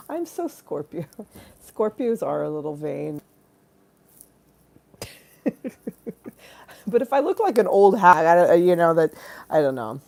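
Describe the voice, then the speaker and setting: A woman's voice: fairly low pitch, very animated, slow, creaky, pauses often, a little mellow. A young adult woman hosting a casual live stream, rambling with bawdy jokes and frequent giggles. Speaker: livestream host.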